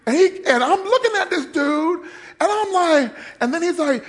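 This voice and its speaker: A man's voice: extremely high pitch, expressive, normal speed. A male pastor preaching, telling a story with lots of animation, acting out the voices and laughing often. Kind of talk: sermon.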